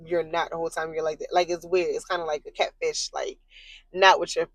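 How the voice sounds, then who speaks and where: Woman rambling thru a storytime, lots of "like", cussing, gets loud and high when heated, dry sound. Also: a little fast, no room sound, rough recording. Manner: rambling, full of "like" fillers, blunt with swearing; animated, jumps high in pitch when worked up. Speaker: vlogger telling a story. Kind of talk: casual storytime monologue.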